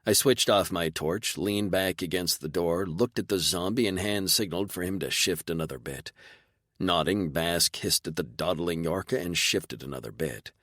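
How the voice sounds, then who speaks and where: A man's voice: deep voice, moderate pace, fairly bright tone, dry recording. A man narrating a first-person sci-fi audiobook with a dry, sardonic delivery.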